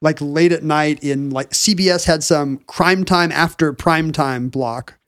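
A man's voice: fairly high pitch, measured pace, fairly bright tone, no echo, studio quality. A middle-aged man chatting casually as a podcast co-host, rambling and joking as he goes. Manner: rambling, self-interrupting, joking. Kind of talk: casual chat.

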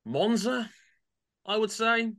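Bright-voiced man hosting a chatty podcast. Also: high voice, animated, slow. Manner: chatty, laughs often, many fillers. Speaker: podcast host. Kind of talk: casual panel chat.

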